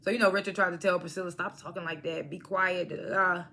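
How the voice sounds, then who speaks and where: A woman recaps a TV drama in a loose, conversational way. Her voice sits a little low but sounds bright and forward. She slips into the characters' lines as she goes. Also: fast, gravelly, a little hiss or hum. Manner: animated retelling, acts out characters' lines, frequent laughs. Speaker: TV episode reviewer. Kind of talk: casual recap vlog.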